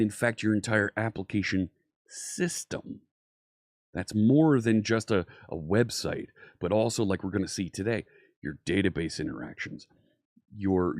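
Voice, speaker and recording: A man's voice: on the low side, no room sound, studio quality. A man hosting a live coding stream, chatty and upbeat, greeting viewers in the chat by name.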